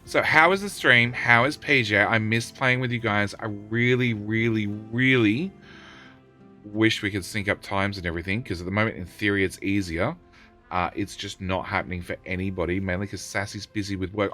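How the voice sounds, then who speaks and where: Man, middle-aged, game streamer, bright tense voice, faint music behind, chatty with viewers. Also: lowish voice, moderate pace, dry recording. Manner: talks to in-game units, banters loosely with chat.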